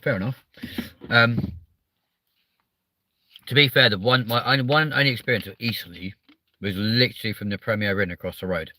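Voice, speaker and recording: Reading out the chat, a man talks casually on a live stream in a low voice that still comes across bright and forceful. He moves at a moderate pace with long pauses, swearing freely and filling gaps with ums. The sound is close and dry, with no echo.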